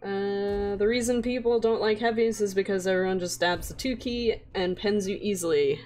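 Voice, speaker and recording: A young woman, co-hosting a game livestream in casual chat and often pitching up at the ends of her sentences. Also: normal speed, a little mellow, slight background noise. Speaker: co-host reading chat.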